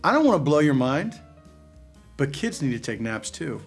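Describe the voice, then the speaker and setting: Host, man with dry playful humor, pitch swinging widely. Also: very animated, moderate pace, vocal fry, soft background music. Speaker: interview host. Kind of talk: casual chat.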